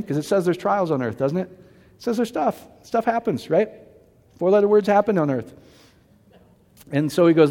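A man's voice: sits high, animated, moderate pace, pauses often, dark tone. Conversational male pastor in a reverberant hall. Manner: conversational preaching, often asking the congregation questions. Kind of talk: sermon.

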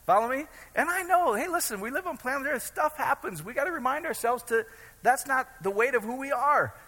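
A man's voice: very high-pitched, expressive, a little fast, sharp tone. A middle-aged man from Iowa preaching a casual, joking sermon, often asking his congregation if they follow him. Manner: joking, chatty, keeps checking in with the audience. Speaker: pastor. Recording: long hall reverb.

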